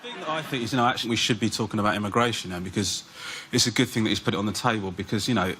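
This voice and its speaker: A man's voice: fairly low pitch, fairly bright tone. A man comedian on a panel show, rambling through jokes with lots of "you know" and "sort of". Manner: rambling, fast, full of fillers. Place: TV studio with audience. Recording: clear background noise.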